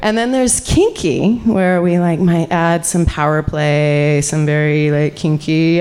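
Performing live for an audience, a middle-aged woman who works as a sexuality educator tells an animated story, laughing and bantering with the crowd. Her voice is lowish and a little slow, and she barely pauses.

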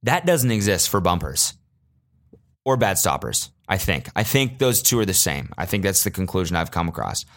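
A young adult man hosting a solo podcast, telling comedic stories casually and profanely, bursting into animated rants. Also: moderate pace. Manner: animated, swings into loud high-pitched rants when quoting himself. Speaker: podcast host.

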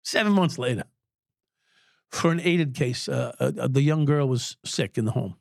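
Recorded dry and at studio quality, this man's creaky, mid-range voice moves at a moderate pace. He's a sixty-something ex-cop guesting on a podcast, spinning profane stories in an interview and cracking himself up.

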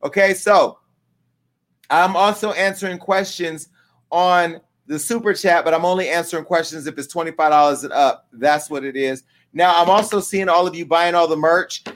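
A man with a fairly bright voice on the high side hosts a live-streamed show at a moderate pace. He keeps up brash, profane, rambling banter with his audience and crew.

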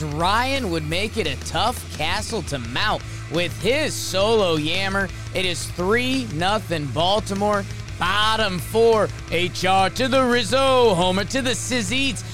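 A man co-hosting a casual sports podcast, rattling off a jokey play-by-play game recap. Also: sits high. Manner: excitable play-by-play delivery, jokey. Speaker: podcast co-host.

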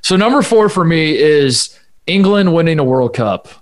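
Rambling, animated American man. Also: a little high, moderate pace. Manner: rambling, animated, many restarts. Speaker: podcast co-host. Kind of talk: casual sports chat.

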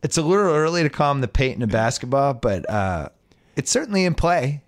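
A man's voice: mid-range voice, sing-song, brisk. A man hosting a casual sports podcast, reading out listener questions and giving wry, opinionated answers. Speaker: podcast host.

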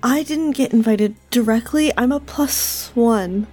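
An earnest young female adventurer, played by a woman with a fairly high voice and a hesitant, worried way of speaking. Soft music plays faintly behind her. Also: measured pace. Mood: anxious.

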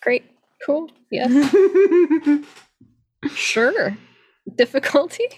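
A woman's voice: a little high, big pitch swings, measured pace, fairly bright tone. A woman playing a tabletop game, casual and playful. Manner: laughing, playful. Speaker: player.

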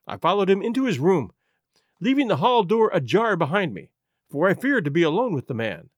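Read by a man, a troubled young wife pours out her confession in an earnest, halting voice, her pitch rising and falling widely. The delivery sits slightly high for a man, and the sound is close and dry. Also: very animated, no room sound. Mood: anxious. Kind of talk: audiobook reading.

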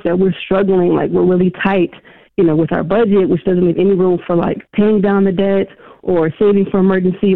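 A woman calling into a radio show, explaining her situation hesitantly with many pauses and fillers. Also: fairly low pitch, no room sound. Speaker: caller. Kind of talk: phone-in question. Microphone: phone. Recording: tinny phone line.

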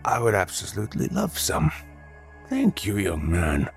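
A man voicing a frail old homeless man in a read-aloud story, with a hoarse, scratchy, courteous and formal way of speaking. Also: fairly low pitch, huge pitch swings, unhurried, faint music behind, voice pushed up, exaggerated voice. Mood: grateful, courteous. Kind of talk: storybook narration.

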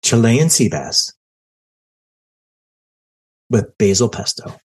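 A man hosting a podcast in casual chat, with a teasing, deadpan sarcastic manner. His voice swings widely in pitch as he jokes. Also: slow pace. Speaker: podcast host.

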